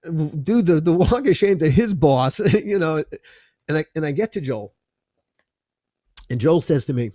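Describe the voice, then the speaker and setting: A man, a film producer guest, telling a lively anecdote in an expressive way and often restarting his phrases. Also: fairly high pitch, unhurried, long pauses, dry recording, studio quality.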